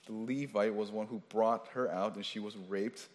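A man's voice: on the low side, steady tone, normal speed. A male pastor delivering a sermon in a conversational way, often restarting phrases and adding casual asides. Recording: long reverb of a large hall.

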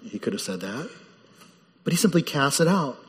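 A man preaching a sermon as the pastor, animated and lively, his voice jumping up when he quotes people in the story. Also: fairly high pitch, moderate pace, big-room sound.

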